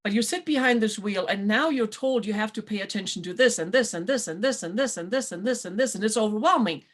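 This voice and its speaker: A woman hosting a talk show, chatting in a casual motivational way and acting out quoted voices with lively swings. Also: medium pitch, fast talker. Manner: animated, acts out quoted voices. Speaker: podcast host.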